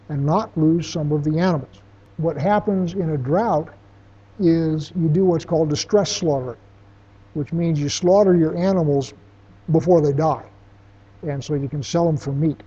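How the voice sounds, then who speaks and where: A man's voice: a little high, unhurried, warm tone, husky. A man teaching a Bible lesson, who reads verses aloud and then explains them in casual everyday words. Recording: dull lo-fi recording.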